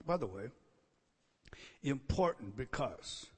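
A man preaching a sermon, emphatic and given to repeating key words, dropping to soft asides and rising to loud stresses. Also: mid-range voice, animated, slow pace, husky. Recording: long reverb of a large hall.

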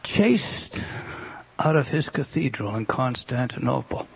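A man preaching a sermon, explaining the meanings of words and swinging between emphatic raised passages and hushed, drawn-out repetitions. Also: medium pitch, sing-song, gravelly, breathy edge.

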